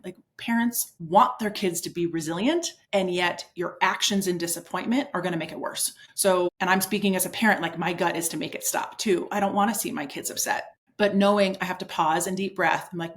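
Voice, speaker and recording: A woman with a lowish voice explains things earnestly, like a sport psychologist being interviewed. She talks conversationally and slips into little acted-out quotes of parents and kids. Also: steady tone, moderate pace.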